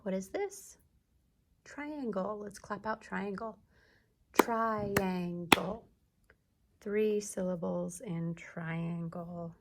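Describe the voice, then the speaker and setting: A woman teacher giving a video lesson to young children, sounding out words slowly and clearly. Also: medium pitch, heavy background noise. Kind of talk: early-grades classroom video lesson.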